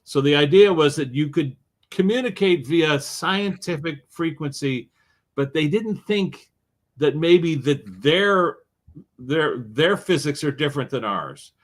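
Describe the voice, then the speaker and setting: Man, author guest in an interview, animated storyteller, lively swings in tone, slightly higher pitch. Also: unhurried. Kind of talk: interview conversation.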